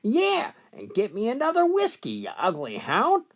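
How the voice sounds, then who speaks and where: A man's voice: high-pitched, wildly swooping pitch, moderate pace, gravelly, pitched above the performer's own voice, exaggerated voice. A man voicing a rude, foul-mouthed male parrot that squawks insults in a joke.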